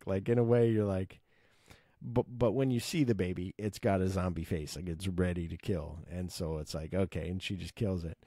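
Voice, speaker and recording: A man casually retelling his favorite film scenes, excited and swearing, acting out the characters' lines. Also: deep voice, moderate pace, no echo, studio quality. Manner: enthusiastic, swears, acts out quotes. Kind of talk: casual movie recap.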